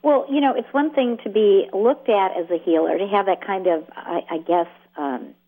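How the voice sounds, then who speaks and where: A woman's voice: mid-range voice, normal speed. A woman hosting a radio interview, asking curious, thoughtful questions. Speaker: radio host. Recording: phone-like radio sound.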